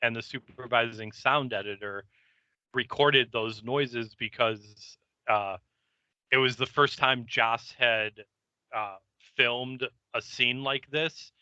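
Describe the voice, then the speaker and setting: A man co-hosting a podcast, explaining details and chiming in with quick agreement. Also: mid-range voice, fairly even intonation, sharp tone, clear, resonant tone, no echo. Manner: quick agreeing interjections, laughs along. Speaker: podcast co-host. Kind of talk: casual episode recap. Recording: muffled lo-fi mic.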